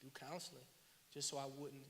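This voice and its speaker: Bright-voiced man telling his story on stage. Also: mid-range voice, fairly quick, vocal fry. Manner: animated, slangy and earnest. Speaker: filmmaker guest. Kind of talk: candid storytelling on a panel. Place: large hall at a live event. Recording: reverberant hall, faint hiss.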